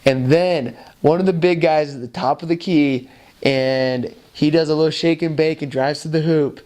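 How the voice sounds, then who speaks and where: Brief: slightly high-voiced man, animated storyteller, chatty and loose, bounces into other people's voices. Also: moderate pace. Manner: loose and chatty, full of "like" and "you know". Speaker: former missionary. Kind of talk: personal anecdote told to camera.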